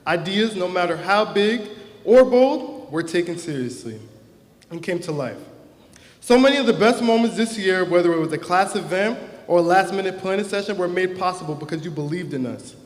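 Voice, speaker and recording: A man's voice: high-pitched, lively intonation, moderate pace. A young man, class president, giving an earnest, heartfelt prepared speech at a graduation ceremony into a stage microphone. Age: young adult. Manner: earnest, heartfelt, emotional at times. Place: large hall or auditorium. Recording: echoey hall with long reverb.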